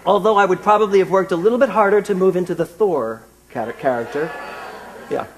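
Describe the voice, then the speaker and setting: Man in his fifties, British accent, high voice, chatty self-mocking sermon, minister. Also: fairly quick. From Britain. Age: 50s. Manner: conversational and self-mocking, with frequent restarts. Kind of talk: sermon with personal anecdote.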